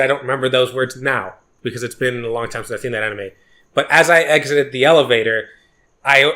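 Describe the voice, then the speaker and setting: A man's voice: mid-range voice, bright, forceful tone. A man co-hosting a podcast, telling a rambling, profane story with many restarts in casual chat. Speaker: podcast co-host.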